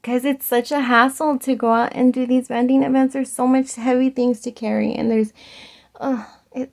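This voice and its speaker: A woman tarot reader talking in a chatty, animated storytelling way, laughing often and swearing casually. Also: medium pitch, gravelly.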